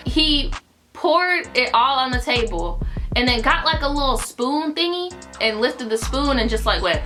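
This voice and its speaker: A young adult woman telling a story in an animated, profane, filler-heavy style. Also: high-pitched, moderate pace. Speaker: YouTuber. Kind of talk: casual storytime vlog. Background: music.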